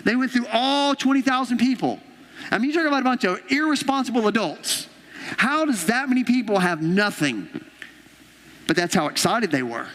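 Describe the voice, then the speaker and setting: A male pastor delivers an energetic sermon, retelling a Bible story and slipping into the voices of its characters. His voice sits high for a man and carries a long reverb from a large church hall. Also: moderate pace. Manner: animated storytelling, acting out the characters' lines. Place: church auditorium.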